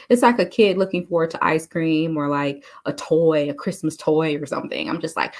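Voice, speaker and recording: A woman telling a story to encourage listeners, animated and chatty, often calling them "you all.". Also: fairly low pitch, normal speed, few pauses. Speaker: motivational speaker. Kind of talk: casual motivational storytelling.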